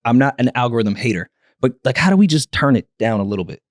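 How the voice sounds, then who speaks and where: A man co-hosting a podcast, chatting casually in an animated way and laughing often. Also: mid-range voice, quick pace, dry recording, clean studio sound. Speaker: podcast co-host. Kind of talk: casual group chat.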